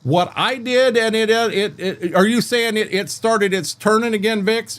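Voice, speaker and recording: A man's voice: high-pitched, normal speed, few pauses, fairly bright tone. Rambling older man streaming a farming game. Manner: rambling, repeats and restarts words, talks to chat by name. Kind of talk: casual livestream chat with viewers. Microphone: desk microphone.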